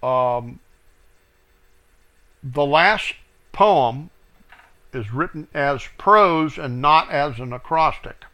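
Slow, bright-voiced male Bible teacher. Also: a little high, animated. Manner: slow and deliberate, reading verses aloud with stress, then explaining with fillers. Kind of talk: verse-by-verse scripture teaching.

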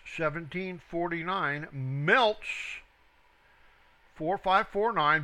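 A man teaching the Bible verse by verse, reading each phrase and then its reference number in a slow, deliberate way. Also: fairly high pitch, expressive, sharp tone. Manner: slow, reads each word then its reference number, stresses quoted words.

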